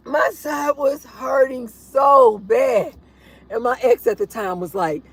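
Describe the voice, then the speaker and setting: A woman hosting a casual livestream chat, blunt and animated, laughing often as she talks to her viewers. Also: sits high, slow pace, breathy edge. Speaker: livestream host.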